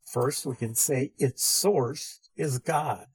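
A man's voice: mid-range voice, slow, slightly rough, low-quality recording. A man teaching a theology lesson, methodically defining terms and repeating key phrases. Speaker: Bible teacher. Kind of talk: theology lecture.

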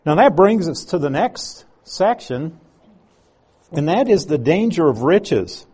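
A man's voice: fairly high pitch, dark tone, breathy edge. A man as pastor, teaching an evening Bible study sermon in a conversational way with frequent asides.

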